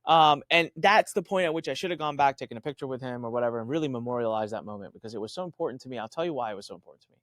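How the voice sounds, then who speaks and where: Man, podcast guest, animated storytelling, mid pitch, dry close mic, fillers and restarts. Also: very fast, no room sound. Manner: animated, acts out quoted voices with big pitch jumps. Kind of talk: storytelling in an interview.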